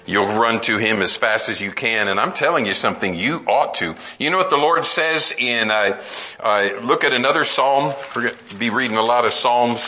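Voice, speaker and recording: Bright-voiced earnest male preacher. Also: medium pitch, normal speed, poor audio. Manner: earnest, emphatic, with frequent restarts and rising exclamations. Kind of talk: sermon.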